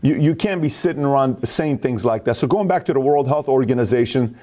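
Man, mellow tone, forceful opinionated talk-show delivery. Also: medium pitch, brisk. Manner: emphatic, storytelling with acted quotes.

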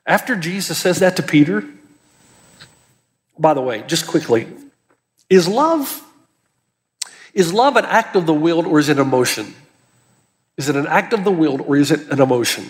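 Male pastor, sermon, high voice, emphatic, long hall reverb. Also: lively intonation, moderate pace, long pauses. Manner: earnest, emphatic preaching with rising pitch on key words.

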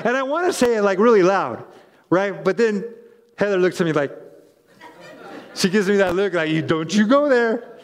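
A man preaching a conversational sermon as pastor, animated and chatty with frequent asides and restarts. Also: sits high, long reverb tail.

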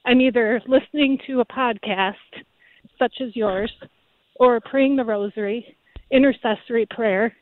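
A woman's voice: fairly high pitch, measured pace, no room sound. A woman calling in to a radio show while out on a walk, out of breath and chatty, laughing as she talks. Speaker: caller. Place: outdoors on a river trail. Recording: tinny phone line.

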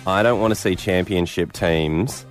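A man hosting a breakfast radio show, chatty and animated. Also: sits low, measured pace, faint music behind. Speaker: radio host.

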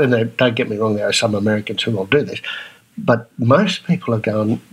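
An Australian man hosts his podcast in a relaxed, chatty monologue. His voice is husky, and he slips into lively, higher put-on voices to act out how people react. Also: moderate pace, poor audio. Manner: animated, acts out other people's reactions in a higher voice. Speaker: podcast host. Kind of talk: casual monologue.

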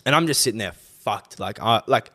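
A man's voice: lowish voice, lively intonation, moderate pace, pushed and bright. A young Australian man, co-host of a casual podcast, rambling through a night-out story with lots of swearing. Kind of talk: casual chat.

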